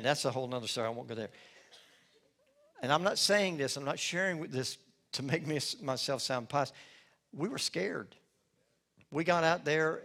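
A man's voice: mid-range voice, fairly bright tone. A middle-aged man, a lead pastor telling a personal story in a sermon with folksy, self-deprecating humor.

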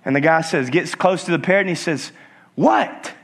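Energetic male preacher, rising and falling, constantly calls on the congregation. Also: on the high side, fast talker. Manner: call-and-response exhortation; lively, swinging between emphatic and hushed. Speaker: pastor. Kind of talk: sermon.

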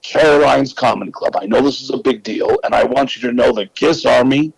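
A man impersonating a smug, self-assured older male rock star with a slow, self-important drawl. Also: medium pitch, vocal fry, breathy edge, no echo, poor audio. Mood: boastful.

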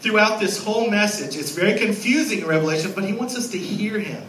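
A man in his thirties preaching a sermon as a guest pastor, lively and storytelling, acting out little scenes. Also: high-pitched, fast, echoey room, distant mic, a little hiss or hum, low-quality recording. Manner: animated, acts out scenes with a raised voice. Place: church sanctuary.

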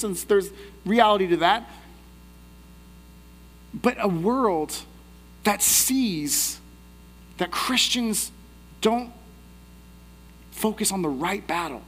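A man delivers a sermon with a voice sitting a little high for a man. He tells a story that invites the listeners to imagine themselves inside it. A long reverb from a large hall trails his words. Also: a bit bright, slight background noise. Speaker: pastor.

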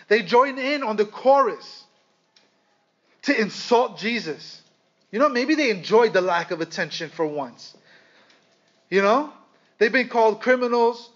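Guy preaching, pretty high voice, slow dramatic pauses, kinda dull lo-fi sound. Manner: dramatic pauses, addresses listeners as guys. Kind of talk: sermon.

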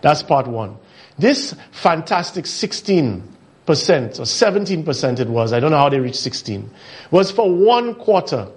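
A man's voice: on the high side, big pitch swings, unhurried. A male host gives political commentary in a slightly raised voice. He mocks his targets and fires off rhetorical questions. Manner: mocking, full of rhetorical questions. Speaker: talk show host.

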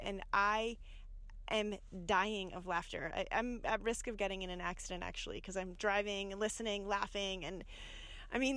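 A woman leaving an enthusiastic, gushing birthday voice message from her car, chatty and warm with praise. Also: medium pitch, no echo. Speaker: listener sending a birthday message. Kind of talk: recorded voice message.

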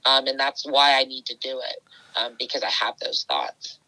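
A woman's voice: rumbling low, fairly even intonation, moderate pace, sharp tone, no echo, rough recording. A woman obstacle racer chatting casually in an interview, rambling with many fillers and restarts. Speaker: obstacle race athlete.

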